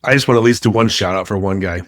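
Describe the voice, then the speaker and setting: A man's voice: on the low side, fast talker, no echo. Male podcast co-host, easygoing and teasing, dry close sound. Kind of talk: casual chat. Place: home kitchen.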